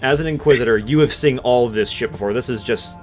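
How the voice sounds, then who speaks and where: A man's voice: mid-range voice, fast. A man narrating a tabletop roleplaying game as game master, casual and descriptive. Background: soft background music.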